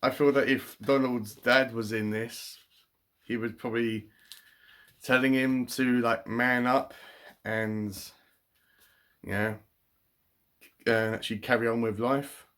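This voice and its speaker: A man's voice: mid-range voice, fairly even intonation, takes it slowly, long pauses, a bit bright. A man casually reading a children's picture book aloud, breaking off for chatty, wry asides. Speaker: book reviewer.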